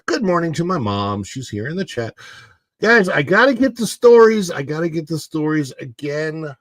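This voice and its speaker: A man's voice: fairly high pitch, sing-song, moderate pace, dry recording. Chatty guy hosting a livestream, voice jumps around a lot, dry close sound. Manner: chatty, rambling, reads news aloud to chat. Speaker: livestream host. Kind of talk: casual livestream chat.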